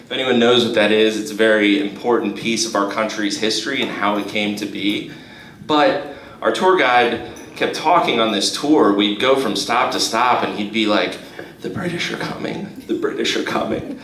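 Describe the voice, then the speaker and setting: A young male comedian performing a live stand-up set in a comedy club, halting with restarts and fillers. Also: on the low side, fairly bright tone, a little hiss or hum. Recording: roomy live club recording with crowd. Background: audience laughter.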